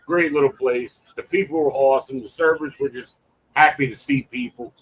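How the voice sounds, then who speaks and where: A man co-hosting a livestream, telling animated stories and loudly acting out what people said. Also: fairly high pitch, moderate pace, creaky, husky, rough recording. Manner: animated storyteller, acts out quotes loudly. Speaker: livestream co-host. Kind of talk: casual chat.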